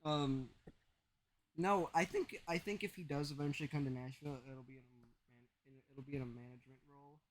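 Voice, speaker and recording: A young man co-hosts a casual sports podcast, his voice sitting a bit high for a man. He rambles through long explanations, restarting his sentences as he goes. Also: fairly even intonation, brisk, low-quality recording. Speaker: podcast co-host.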